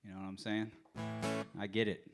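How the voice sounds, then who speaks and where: A man's voice: fairly low pitch, level tone, brisk, over music. A man telling rambling, joking stories between songs as host. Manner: rambling, joking, trailing off with filler. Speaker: host and musician. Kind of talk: casual storytelling between songs.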